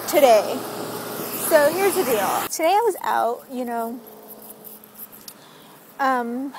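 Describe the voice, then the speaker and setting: High, chatty young woman vlogging outdoors. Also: slight background noise. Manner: chatty, animated retelling with lots of "like". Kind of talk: casual storytelling vlog. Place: outdoors on a street.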